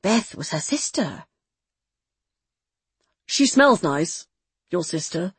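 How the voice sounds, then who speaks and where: A woman reading a novel aloud in measured, intimate scripted narration. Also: mid-range voice, darkish tone, slightly rough, no room sound. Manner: measured, intimate, close third-person storytelling. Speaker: audiobook narrator.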